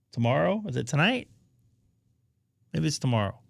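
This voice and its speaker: A man hosting a casual live stream about amateur radio, chatting to viewers while he troubleshoots his setup out loud. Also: medium pitch, normal speed, long pauses, no echo, clean studio sound.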